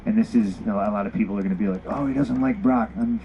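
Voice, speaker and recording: A man's voice: lowish voice, quick pace, vocal fry, muffled recording, a little hiss or hum. A man telling a story bluntly with lots of swearing, acting out both sides of old conversations. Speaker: former pro wrestler telling a story. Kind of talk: casual candid storytelling.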